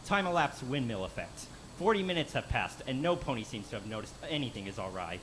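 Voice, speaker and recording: A man's voice: medium pitch, very animated, fairly quick. Man reading a script with wry asides. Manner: dry narration broken by wry asides. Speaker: channel host reading a script aloud. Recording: noisy home recording.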